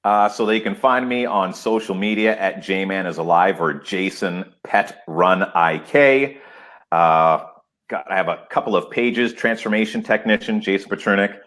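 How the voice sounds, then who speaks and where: Low-voiced excited man. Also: normal speed. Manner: excited, emphatic, laughs often. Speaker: guest. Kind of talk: enthusiastic podcast interview.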